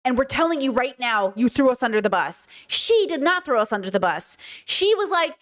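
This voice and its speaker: A woman with a high voice hosts her own show and reacts to clips out loud. She talks bluntly and heatedly, swearing freely as she argues her point. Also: very animated, fairly quick, hardly any pauses. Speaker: podcast host reacting to clips. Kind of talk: casual commentary.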